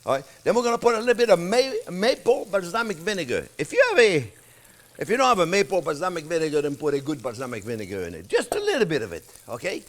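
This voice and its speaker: An older man hosting a cooking demonstration, chatting warmly to viewers as friends and laughing often. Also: sits high, sing-song, quick pace. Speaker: cooking show host. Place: home-style kitchen.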